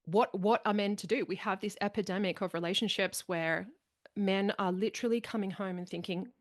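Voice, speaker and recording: A woman's voice: medium pitch, steady tone, brisk. A woman hosting a podcast in casual conversation, talking animatedly and acting out the people she quotes. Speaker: podcast host.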